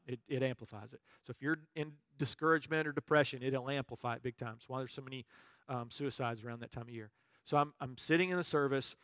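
A male pastor preaching a sermon, telling a personal story in a conversational way with frequent restarts and moments where he drops to a soft, quiet voice. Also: mid-range voice, dry recording, studio quality.

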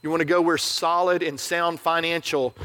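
A man's voice: fairly high pitch, fairly even intonation, moderate pace, pushed and bright. A middle-aged male pastor preaching a sermon in a conversational, joking way, often checking in with the crowd.

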